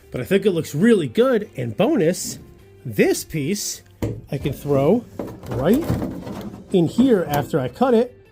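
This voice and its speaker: A man's voice: on the high side, a little mellow. A man narrating a casual workshop vlog, thinking aloud as he works and cheering his own results with casual slang. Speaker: car builder.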